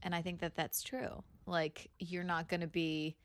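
A woman's voice: fairly low pitch, little pitch movement, unhurried, a little hiss or hum. A woman co-hosting a casual podcast chat, blunt and frank, laughing often. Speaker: podcast co-host.

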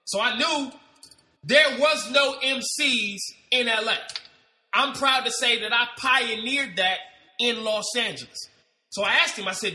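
Man from Ohio, storyteller, high bright voice, echoey room. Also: moderate pace. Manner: animated, acts out dialogue with slangy swearing. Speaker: party host and MC. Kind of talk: storytelling monologue.

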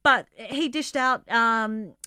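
A woman's voice: a little high, slow pace, sharp tone, clean tone, dry recording. Aussie woman podcast co-host, blunt, swears a lot, dry mic. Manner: blunt, swears freely, chatty. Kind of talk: casual chat recapping a reality show.

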